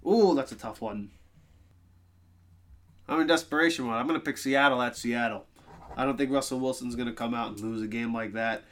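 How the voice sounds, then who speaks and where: A man co-hosting a casual sports podcast, talking through football picks in an animated, exasperated way, groaning and loosening up between points. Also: medium pitch, a little fast, long pauses. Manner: animated, groaning and exasperated about his team. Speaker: podcast co-host.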